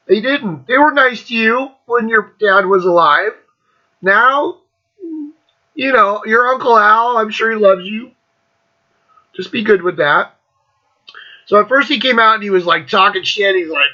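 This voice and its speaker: Fifty-something guy ranting on his show, high bright voice, swears a ton, kinda muffled audio. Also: normal speed. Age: 50s. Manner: blunt, profane, mocking, laughs often. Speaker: podcast host. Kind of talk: profane rant.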